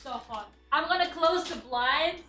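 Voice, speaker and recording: A woman's voice: sits high, animated, unhurried, bright, forceful tone, soft background music. A woman streamer chatting casually and rambling from her room, now and then swearing and talking to her viewers. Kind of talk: casual live-stream chat. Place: her own room at home.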